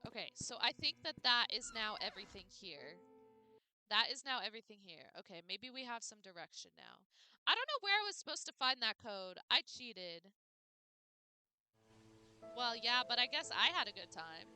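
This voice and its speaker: A woman's voice: a little high, big pitch swings, normal speed, pushed and bright, faint music behind. Bubbly woman streamer chatting live. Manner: chatty and playful, baby talk to her dog. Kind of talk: casual live game-stream chat.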